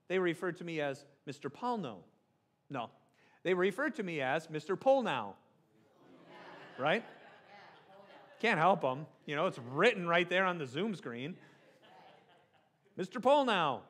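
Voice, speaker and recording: This middle-aged pastor has a high, slightly bright voice. His sermon is conversational and joking, and he keeps checking in with the room by asking "right?".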